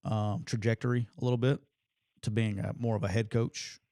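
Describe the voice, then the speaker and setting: A man who co-hosts a radio call-in show and once coached college football, speaking in an earnest, reflective way with pauses. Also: on the low side, flat delivery, warm tone, no echo, studio quality. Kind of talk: casual radio call-in chat.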